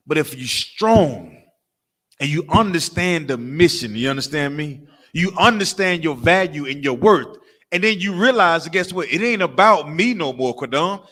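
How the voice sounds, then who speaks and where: With a voice on the high side and an ordinary pace, the religious camp's preacher rolls through a fiery, street-style sermon. Expect free swearing, rapid rhetorical questions, call-and-response, and lively impressions of crying and barking played for laughs.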